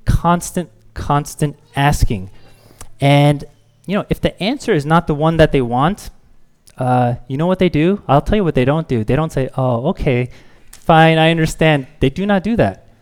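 A man in his thirties preaching a sermon, a father who tells stories and acts out his children's pleading with lively rises in pitch. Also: normal speed. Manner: animated storytelling, acts out children's pleading voices. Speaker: pastor.

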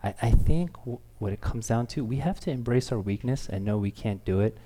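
A pastor in his thirties preaches a sermon in a warm, mid-range voice, talking a little fast. He's candid and self-deprecating, and he throws in playful acted-out quotes.

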